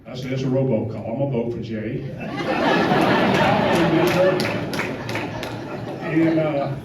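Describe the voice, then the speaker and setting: Over a very noisy crowd, a middle-aged man from Georgia speaks extremely slowly in a medium-pitched voice, captured by a distant, roomy mic with muffled sound. His acceptance speech at the event rambles, turns emotional, and leans on self-deprecating humor.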